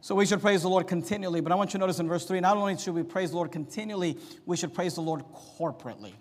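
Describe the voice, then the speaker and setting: A man preaching a sermon as pastor, emphatic, swinging from quiet to loud. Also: high-pitched, rapid-fire. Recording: long hall reverb.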